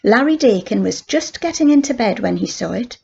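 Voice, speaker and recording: An older woman reading a children's story aloud as a grandmother, in a steady, plain manner. Her voice is fairly high, very gravelly and husky, and the recording is dull and lo-fi. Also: moderate pace.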